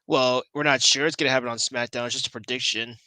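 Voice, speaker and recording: A man's voice: mid-range voice, fairly even intonation, fast, sharp tone, no echo, poor audio. A man joining a live stream as a guest, chatting casually and teasing the host. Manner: teasing, joking, laid-back. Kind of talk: casual livestream chat.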